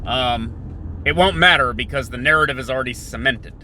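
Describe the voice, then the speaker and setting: A man's voice: mid-range voice, normal speed, pushed and bright. A man hosting a podcast, talking in a rambling, digressive monologue with many restarts while in a car in city traffic. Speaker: podcast host.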